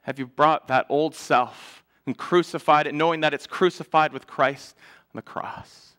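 A man, a pastor, preaching a sermon in a church, earnest, building up louder and then falling to a hush. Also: fairly high pitch, fairly even intonation, normal speed.

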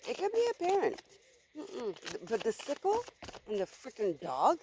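A woman's voice: a little high, huge pitch swings, normal speed, heavy background noise. Blunt, emphatic woman reading tarot. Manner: blunt, emphatic, swears freely. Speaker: tarot reader. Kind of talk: casual tarot reading to camera.

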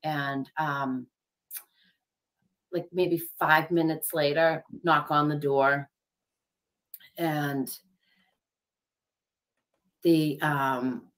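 A woman's voice: low-pitched, flat delivery, drawn-out words, pauses often, a bit bright. A woman in her fifties, an interview guest, recounting a personal story in a chatty way with lots of fillers. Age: 50s. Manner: chatty, many fillers, quotes others.

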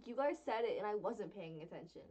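A woman's voice: mid-range voice, lively intonation, brisk, darkish tone. A woman co-hosting a casual tabletop-game podcast, reading out listener questions. She giggles often and stumbles over words.

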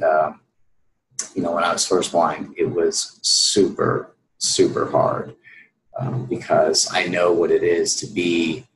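Deep-voiced guy telling his story slow, lots of ums, roomy echo. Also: a little hiss or hum. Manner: earnest storytelling, many fillers. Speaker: guest. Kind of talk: personal story in an interview.

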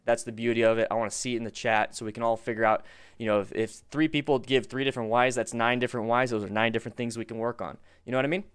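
Male live-stream host, mid pitch, smooth resonant tone, chatty advice-giver. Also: fairly even intonation, very fast. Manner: chatty, reads viewer questions and gives riding advice; upbeat, hypes the chat for likes. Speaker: live-stream host reviewing motorcycle videos. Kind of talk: casual live-stream commentary.

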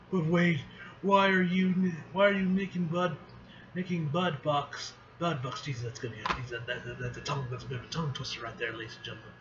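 A man hosting a casual manga reaction video, animated and exclaiming, swearing freely as he reads along. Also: fairly high pitch, a little fast, muffled recording, noisy background.

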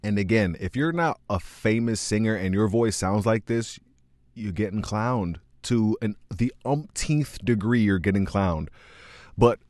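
A man hosting a music reaction video, talking in an excitable, slangy way with frequent laughs. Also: on the low side, no echo, clean studio sound. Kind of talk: casual reaction commentary.

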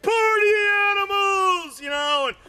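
A man telling loose, rambling stand-up jokes, adding "man" to nearly every line and breaking into shouts on the punchlines. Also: very high-pitched, measured pace. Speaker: amateur comedian.

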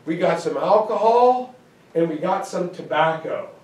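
Recorded from far off in an echoey lecture room, a man gives a casual classroom history lecture. His voice sits high, expressive, unhurried and a little mellow, and he talks conversationally with plenty of fillers and check-ins with his audience.

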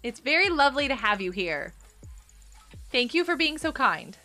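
A woman's voice: sits high, very animated, moderate pace, sharp tone, soft background music. A woman streaming a game live, chatting to viewers by name, giggling and panicking as she plays. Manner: bubbly, giggly, often panicked; talks to chat viewers by name.

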